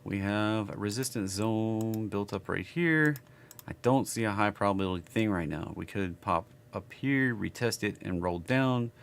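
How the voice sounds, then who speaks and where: Southern man, lowish voice, casual market commentary, rambling, keyboard clicks. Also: moderate pace, vocal fry, smooth. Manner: rambling, thinks aloud while typing. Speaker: market analysis streamer. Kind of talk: casual live chart commentary.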